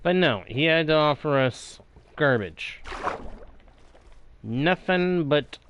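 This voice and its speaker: A man's voice: fairly high pitch, animated, slow pace, fairly bright tone, dull audio, slight background noise. A man hosting a video game let's play, talking with a theatrical, playful and grumbling manner. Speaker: host.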